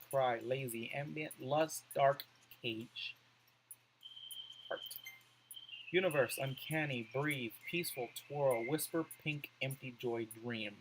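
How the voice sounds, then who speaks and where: A man's voice: mid-range voice, slow, slight background noise, poor audio. A man doing let's play commentary, reading on-screen words aloud and musing over his choices.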